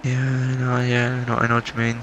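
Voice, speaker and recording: A man chats his way through a sim race broadcast, thinking out loud about strategy. His voice stays level with little rise and fall. Racing engine noise runs clearly behind him. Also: mid-range voice, fairly quick. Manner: chatty, wondering aloud, flat delivery. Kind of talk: casual race commentary. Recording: noisy game audio behind. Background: racing car engine noise.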